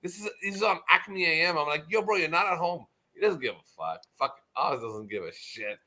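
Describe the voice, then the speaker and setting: A man chatting on a live stream, telling stories with lots of swearing and acting out other people in loud, shouted quotes. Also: on the high side, expressive, brisk. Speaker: live stream chat participant. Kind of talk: rowdy casual chat, profane.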